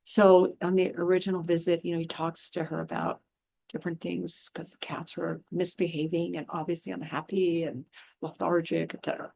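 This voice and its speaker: Her voice sits fairly low and creaky, with a darkish tone and little pitch movement, at a moderate pace. This animal communicator and spiritual healer chats frankly through a casual monologue, switching voices to act out what people said and adding exasperated asides.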